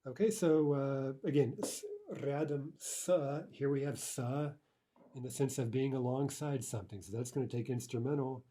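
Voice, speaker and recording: A man's voice: mid-range voice, dark tone. A man teaching a language lesson, explaining grammar step by step with a patient manner and frequent checks like "right?" and "okay".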